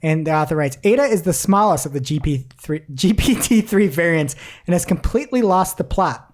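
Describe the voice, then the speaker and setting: Lady podcast host, kinda low voice but swoops around a lot, laughs a bunch reading stuff out. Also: brisk. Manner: animated, laughs often, reads quotes aloud. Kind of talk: casual news chat.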